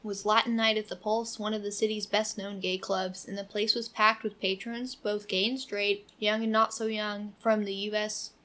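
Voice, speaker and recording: A woman's voice: mid-range voice, level tone, normal speed, hardly any pauses, pushed and bright. Young woman reading true crime notes. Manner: reads aloud steadily, then breaks off into casual chatty comments. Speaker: podcast co-host.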